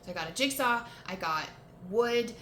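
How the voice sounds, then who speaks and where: A van-life vlogger in a motel room tells a long, rambling story to camera, saying "like" and "you know" a lot and laughing between frustrations. Her mid-range voice is sharp in tone, lively in intonation, at normal speed. The recording has a roomy echo and slight background noise.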